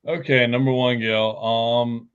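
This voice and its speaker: A man's voice: mid-range voice, level tone, slow, clear, resonant tone. A man giving a live online tarot reading, talking bluntly and casually and swearing often. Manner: blunt, casual and heavily profane. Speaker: psychic card reader. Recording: dull lo-fi stream audio.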